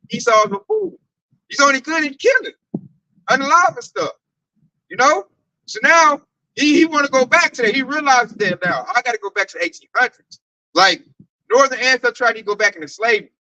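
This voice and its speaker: A man in a casual group discussion, animated and slangy, often tagging his sentences with "man". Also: extremely high pitch, fairly quick, no room sound, rough recording. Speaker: camp group member.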